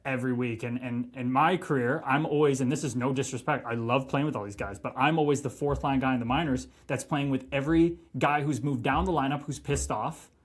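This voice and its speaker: A former pro hockey player in his thirties swears freely while telling stories in a casual podcast interview, profane and animated throughout. His medium-pitched voice is fairly quick, with hardly any pauses.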